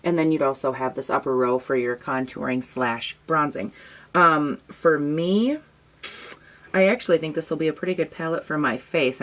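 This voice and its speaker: A young woman with a low, sleepy morning voice talks through new makeup products for her channel. She rambles casually, trailing off and restarting as she shows each item. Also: fairly bright tone, slight background noise. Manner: chatty, rambling, tired morning voice. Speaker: beauty vlogger. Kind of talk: casual product review vlog.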